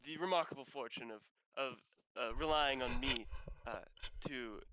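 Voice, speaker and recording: A man playing a pompous self-proclaimed famous detective who flatters halting and hesitantly. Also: mid-range voice, background noise, lightly acted. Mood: pompous flattering.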